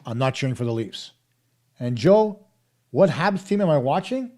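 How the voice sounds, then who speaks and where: With a darkish, mid-range voice and a very animated delivery at normal speed, this middle-aged hockey show host addresses viewers directly on his live stream. He's argumentative, pressing each point with emphasis.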